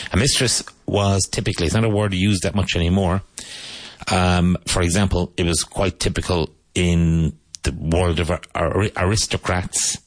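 A man with a Cork Irish accent teaching English phrases to Spanish speakers, repeating each model sentence slowly and deliberately. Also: low-pitched, no room sound. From Ireland (Cork).

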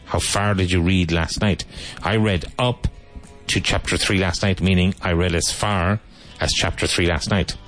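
A man teaching on the radio, repeating example sentences slowly and deliberately. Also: low voice, fairly even intonation, a bit bright, faint music behind. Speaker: English teacher. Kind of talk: radio English lesson, drilling phrases.

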